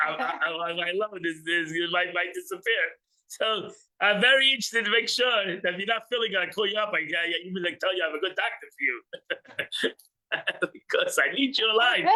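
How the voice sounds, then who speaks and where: A man's voice: sits high, sharp tone, low-quality recording. A man teaching an informal religious class, joking with listeners and acting out little scenes. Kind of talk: informal class with audience banter.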